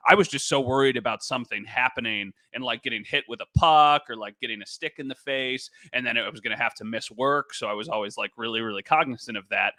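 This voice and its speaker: A man's voice: mid-range voice, fast, few pauses, bright, forceful tone, no echo. A man co-hosting a sports podcast, a sports reporter, chatting casually with a joking, self-deprecating manner.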